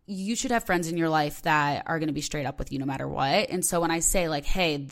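A woman's voice: sits low, brisk. A young woman hosting her own podcast, talking candidly and rambling with lots of filler words. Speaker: podcast host. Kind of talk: personal podcast monologue.

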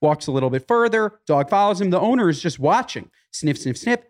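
A man co-hosting a chatty podcast, with a voice pitched a bit high for a man. He tells an anecdote with lively delivery and does quick voices for the people in it. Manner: animated storyteller, voices the people in his stories. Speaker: podcast co-host. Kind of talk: casual chat.

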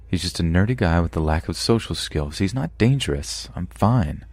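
A man voicing a frightened young woman who talks softly and nervously in a raised pitch. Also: lively intonation, normal speed, no echo. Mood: anxious.

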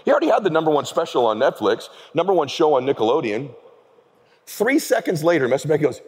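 A man's voice: on the high side, very animated, fast, darkish tone, breathy edge. A man giving a motivational keynote speech on a large event stage, telling stories with energy and emphasis. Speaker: keynote speaker. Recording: echoing large hall.

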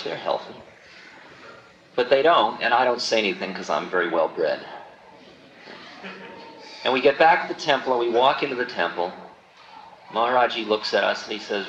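A man's voice: medium pitch, brisk, long pauses. Storytelling man on a roomy old tape. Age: 40s. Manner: animated storytelling, acting out quoted voices. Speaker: spiritual teacher. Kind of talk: storytelling talk. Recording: roomy dull 1970s tape recording with faint hiss.

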